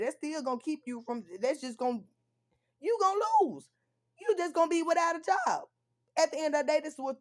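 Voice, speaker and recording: A young woman venting on a live stream, profane and confrontational, going from tired and quiet to loud and angry. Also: medium pitch. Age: young adult. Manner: drops to weary, quieter stretches. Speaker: livestreamer. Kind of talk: heated live-stream rant.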